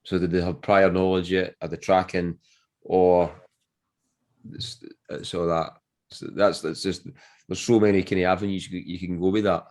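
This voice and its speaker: A man's voice: low voice, flat delivery, moderate pace, darkish tone. A man hosting a podcast, musing aloud in casual conversation. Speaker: podcast host. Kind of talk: casual chat.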